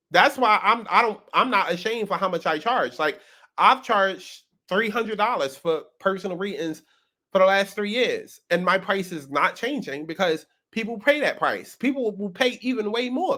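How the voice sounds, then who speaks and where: A man hosts casual reaction commentary in a high, bright, sharp-edged voice. He talks with sass, breaks into laughter often and drives his points home by repeating words. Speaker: host.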